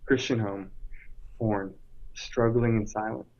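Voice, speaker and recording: A man's voice: on the low side, fairly even intonation, slow, darkish tone, muffled recording. A man in his late twenties, a podcast guest, telling a personal testimony in an earnest, emphatic way. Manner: earnest, emphatic, vivid retelling.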